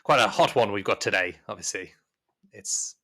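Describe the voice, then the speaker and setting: A man's voice: lowish voice, expressive, moderate pace, sharp tone, exaggerated voice. A man voicing an older male house servant who speaks courteously and hesitantly.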